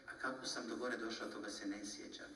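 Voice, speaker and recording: A man's voice: lowish voice, flat delivery, quick pace, sharp tone. A man whose first language is Croatian, recounting his earliest memories as an earnest testimony. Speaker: visionary giving testimony. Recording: echoey hall from far off.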